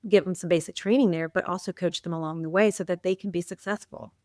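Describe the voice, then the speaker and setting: A woman's voice: fairly low pitch, steady tone, fast talker, darkish tone, dry recording, studio quality. A woman who coaches teachers, talking earnestly and thoughtfully as a podcast guest. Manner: earnest, thoughtful, talks through ideas. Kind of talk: casual conversational.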